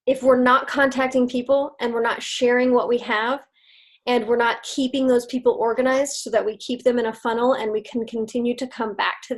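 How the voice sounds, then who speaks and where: Upbeat woman team leader, slightly high voice, casual video-call pep talk. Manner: upbeat, laughs often, chatty with fillers.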